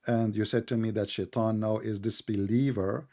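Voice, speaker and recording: Gravelly, combative male debate host. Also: lowish voice, fairly even intonation, mellow. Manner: combative, mocking, keeps interrupting; slow, deliberate speech with non-native grammar. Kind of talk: live online debate.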